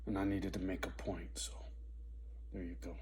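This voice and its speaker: A man's voice: sits low, little pitch movement, moderate pace, darkish tone, a little hiss or hum. A man vlogger telling a painful personal story to camera, in a blunt, profane and intense way.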